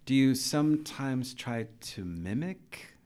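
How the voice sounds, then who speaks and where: A man's voice: mid-range voice, animated, slow, darkish tone, smooth. A man hosting a casual interview podcast as an English teacher, chatty and encouraging, asking lots of questions.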